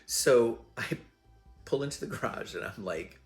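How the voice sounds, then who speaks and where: A man's voice: mid-range voice, animated, moderate pace, faint music behind. A man hosting his own show, telling rambling, self-deprecating stories in a chatty way with lots of fillers. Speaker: host. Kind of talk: casual storytelling monologue.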